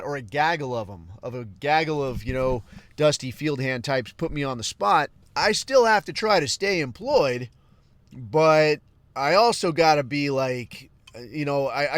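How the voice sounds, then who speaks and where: A man's voice: mid-range voice, fairly bright tone, dry recording. A man hosting a podcast, talking in a casual, profane, rambling solo monologue that flares up into heated outbursts. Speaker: podcast host.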